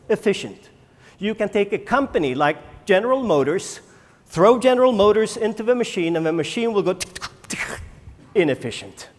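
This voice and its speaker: Lively male keynote speaker in a hall. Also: sits high. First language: Swedish. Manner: rhetorical questions to the audience, dramatic pauses. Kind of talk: conference keynote talk. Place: large conference hall. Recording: echoey conference hall.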